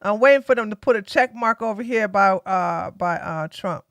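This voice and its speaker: A woman's voice: medium pitch, moderate pace, fairly bright tone, no echo. Give me a chatty, sarcastic woman live-stream host with a dry, close sound. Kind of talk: casual live commentary. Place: home in Georgia.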